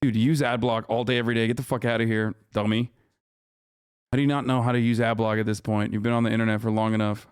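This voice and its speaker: A man's voice: fairly low pitch, level tone, fast talker, clear, resonant tone, no room sound. A man in his thirties doing live-stream reaction commentary, ranting at his chat in a profane, combative way on a close streaming mic.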